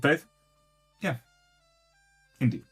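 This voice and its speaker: A man's voice: drawn-out words, a bit bright, soft background music. A man giving casual tarot readings on a live stream, blunt and swearing freely.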